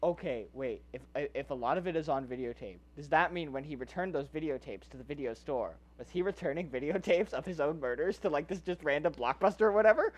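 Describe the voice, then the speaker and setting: A man's voice: a little high, animated, a little fast, hardly any pauses. A man co-hosting a casual film podcast, riffing on scenes he enjoyed. He laughs often and trips over his words as he restarts sentences. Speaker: podcast co-host. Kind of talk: casual film-discussion chat.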